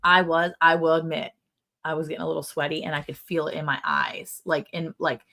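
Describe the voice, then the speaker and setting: A middle-aged woman with a lowish voice talks through a casual livestream chat, rambling from one story to the next. She laughs often and keeps things loose and friendly with her co-host and viewers. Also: little pitch movement, fairly quick, creaky, pushed and bright.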